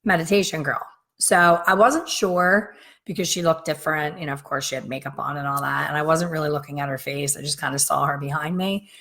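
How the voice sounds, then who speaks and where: A middle-aged woman with a slightly raspy voice tells a long, rambling story straight to her viewers. She talks casually and acts out the lines of the people in her story. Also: low voice, fairly even intonation, a little fast, a bit bright. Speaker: hair colorist and business coach. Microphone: facing camera, talking straight to viewers.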